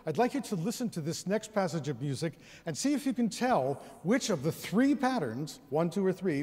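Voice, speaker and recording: A man's voice: on the high side, big pitch swings, quick pace, hardly any pauses, a little mellow. A man presenting an educational concert, leading the audience in counting and singing rhythms with the orchestra in a large theater. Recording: long reverb of a large theater hall.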